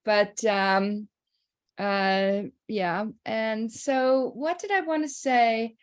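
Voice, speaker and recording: A woman sharing personal memories in a casual way, halting with many restarts and frequent laughter. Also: fairly high pitch, steady tone, smooth.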